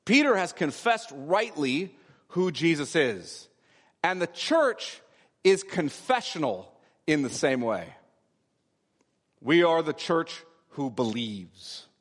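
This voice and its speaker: A man's voice: a little high, big pitch swings, slow pace. A man preaching a sermon, explaining scripture with emphatic repetition. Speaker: pastor. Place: church sanctuary. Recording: long hall reverb.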